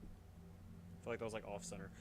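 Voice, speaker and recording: A man's voice: fairly low pitch, flat delivery, normal speed, darkish tone, a little hiss or hum. A man hosting a let's play, rambling and joking at himself as he reacts to the game. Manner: rambling, self-mocking, reacting aloud.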